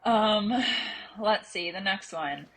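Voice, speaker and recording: A young woman co-hosting a casual podcast, animated and laughing often as she tells stories and runs a game. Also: mid-range voice, slow pace, crowd noise, rough recording. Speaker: podcast co-host running a game.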